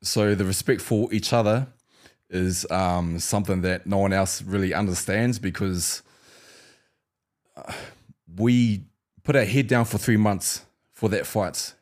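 Male ex-fighter guest, New Zealand accent, low relaxed storyteller. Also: a little slow. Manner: animated storyteller, acts out fight banter and laughs. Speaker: former UFC fighter, guest. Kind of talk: casual storytelling interview.

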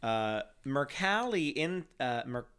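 A man's voice: medium pitch, sing-song, slow, a bit bright, clean tone. Joking man reading facts, stumbling. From United States. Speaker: podcast host presenting the topic. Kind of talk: casual comedic chat.

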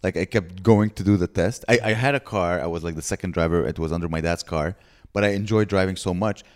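A man co-hosting a podcast who jumps in with quick, teasing remarks in casual chat. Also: deep voice. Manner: lively, teasing, quick interjections. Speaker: podcast co-host.

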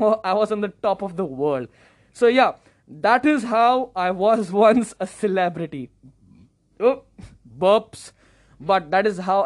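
Young male podcast host, casual animated storyteller, self-mocking, repeats words when excited. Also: high voice.

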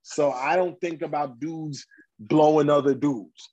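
A man's voice: a little high, fairly even intonation, a little slow, a little mellow, muffled recording. A man hosting a casual podcast chat, ranting bluntly and heatedly in slang with many restarts. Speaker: podcast host.

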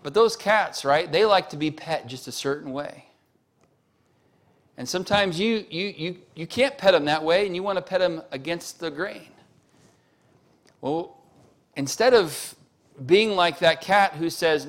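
A man's voice: a little high, unhurried. A man preaching a sermon as pastor, telling stories to the congregation and building to emphatic peaks. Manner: preaching with rising emphatic peaks and story asides; addresses congregation with show-of-hands questions.

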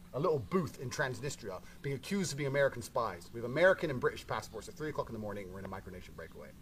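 Man, fast-paced, brash, heavy swearing, casual storytelling, faint background noise. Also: medium pitch.

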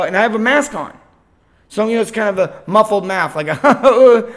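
A man hosting a sales podcast, telling a story in a casual, animated way with lots of restarts. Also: high voice, fairly quick. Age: adult, father of eight. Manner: animated, chatty, repeats himself. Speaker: podcast host and sales coach.

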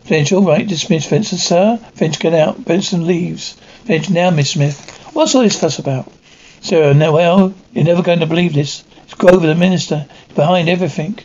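Male reader, high voice, narrates and voices all parts plainly; lo-fi home-style recording. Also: fairly even intonation, moderate pace, darkish tone. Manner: unpolished reading with frequent slips and restarts. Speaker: audio describer and reader. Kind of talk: reading a described episode aloud, voicing all parts plainly. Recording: dull lo-fi recording with faint noise.

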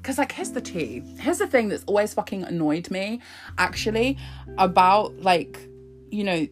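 A woman's voice: mid-range voice, sing-song, moderate pace, soft background music. A young woman reading her own breakup poetry and ranting about it in a profane, self-mocking confessional chat. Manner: profane, ranting, laughing at herself. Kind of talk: confessional casual monologue.

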